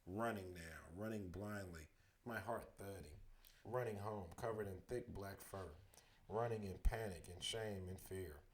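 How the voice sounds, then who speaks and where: A man reading a chapter book aloud as a bedtime story, with steady, expressive first-person narration. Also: low voice, unhurried. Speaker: storybook reader.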